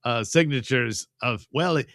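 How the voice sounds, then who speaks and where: Guy rambling thru a movie recap live, bright voice, dry close mic, stammers and chuckles a lot. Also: mid-range voice, unhurried, dry recording. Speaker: host of a live movie-review stream. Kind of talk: casual live-stream chat.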